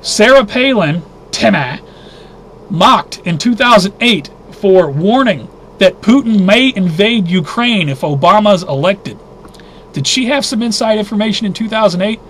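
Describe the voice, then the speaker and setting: Indignant high-voiced man reading news. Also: expressive, measured pace, a bit bright, a little hiss or hum. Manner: agitated, indignant, thinking aloud with restarts. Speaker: host of a weekly news briefing. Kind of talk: casual news roundup commentary.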